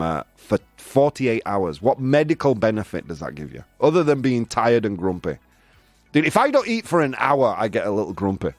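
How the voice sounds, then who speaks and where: A man's voice: fairly low pitch, no room sound. A male radio host in casual studio chat, self-mocking and laughing often.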